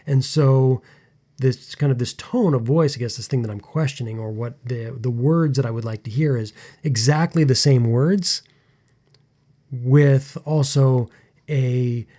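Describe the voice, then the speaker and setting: A man co-hosting a relationship podcast, talking through a conflict with his partner in a searching, halting way full of restarts. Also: mid-range voice, dark tone. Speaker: podcast co-host. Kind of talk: reflective conversation with partner.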